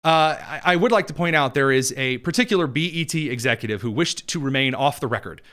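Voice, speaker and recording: A man's voice: mid-range voice, lively intonation, quick pace, fairly bright tone. A man hosting a political commentary show, talking in a sarcastic, mocking way with exaggerated emphasis.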